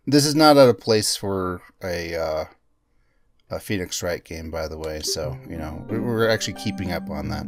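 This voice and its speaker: A man's voice: low-pitched, expressive, moderate pace, soft background music. A man hosting a game playthrough, making casual offhand asides. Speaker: let's play host.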